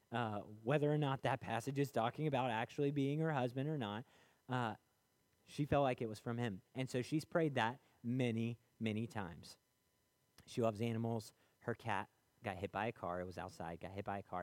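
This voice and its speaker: A man's voice: mid-range voice, moderate pace, darkish tone, dry recording. A man delivering a sermon in a loose, chatty way, with plenty of ums and uhs. He tells stories and acts out the people in them. His voice sits in a middle register and is recorded dry and close. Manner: conversational, many fillers, acts out quoted voices. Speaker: preacher.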